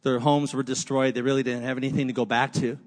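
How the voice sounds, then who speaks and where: A man's voice: mid-range voice, little pitch movement, fast talker. Man preaching in an echoing hall. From United States. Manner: repetitive rhetorical listing, conversational asides. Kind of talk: sermon. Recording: long hall reverb.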